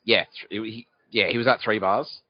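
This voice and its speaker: A fairly low-pitched man with a steady tone, an Australian podcast host, talks at normal speed through a rambling comic monologue out on a city street. He swears freely and answers his own questions, and the recording is dry, dull, and lo-fi.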